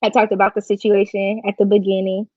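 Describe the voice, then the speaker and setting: Her medium-pitched, darkish voice stays level and moves quickly, with no room sound. Hosting a casual live stream, she talks emotionally and informally with slang, close to tears, recorded as dry, slightly dull lo-fi audio.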